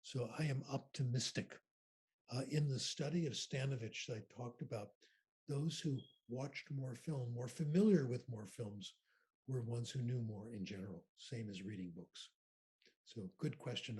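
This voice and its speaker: Older male keynote speaker, husky and raspy, unhurried and emphatic. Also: medium pitch, a little mellow. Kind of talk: conference question-and-answer.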